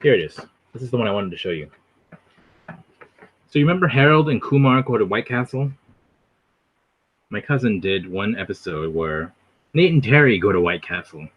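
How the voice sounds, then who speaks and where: A man chats loosely on a livestream, wandering from topic to topic. His voice swings up and down with lively inflection, and the recording sounds dull and lo-fi. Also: lowish voice, normal speed, long pauses, husky. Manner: rambling, animated, jumps between topics. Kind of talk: casual livestream chat.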